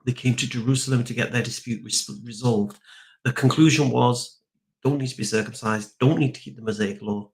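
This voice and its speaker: A man's voice: mid-range voice, brisk. A man, arguing a point in a debate. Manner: animated, argumentative. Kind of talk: debate argument with comic storytelling.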